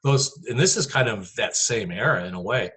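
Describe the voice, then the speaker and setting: A man's voice: lowish voice, expressive, a little fast, sharp tone, husky. A man teaching a poetry class in a chatty, rambling lecture full of fillers.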